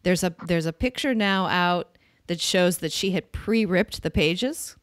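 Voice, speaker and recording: A woman's voice: lowish voice, measured pace, clean tone, no room sound, studio quality. A woman hosting a podcast, giving blunt, opinionated views in casual political chat. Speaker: podcast host.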